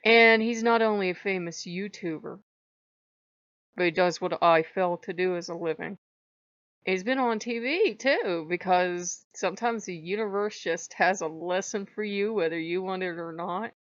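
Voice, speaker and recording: A woman's voice: lowish voice, normal speed, no echo. Woman vlogger, emotional confessional, dull dry mic. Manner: candid and emotional, swears freely, laughs through it. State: after crying. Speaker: channel host. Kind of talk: casual personal vlog. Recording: muffled dry homemade mic.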